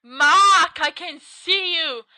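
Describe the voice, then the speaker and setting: A woman voicing a moaning, liver-hunting creature in a spooky campfire tale, with slow, drawn-out ghostly calls. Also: very high-pitched, sharp tone, pitched above the performer's own voice, full character voice. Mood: eerie.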